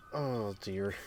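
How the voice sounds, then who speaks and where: A man's voice: on the low side, background noise. A man doing casual let's-play commentary, teasing and swearing as he rambles. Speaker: co-host of a gaming stream.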